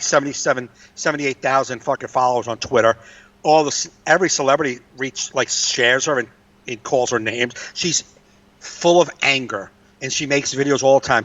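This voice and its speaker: A man's voice: mid-range voice, a bit bright. A man co-hosting a casual comedy podcast, ranting in a profane and exasperated way. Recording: distant, dull lo-fi mic.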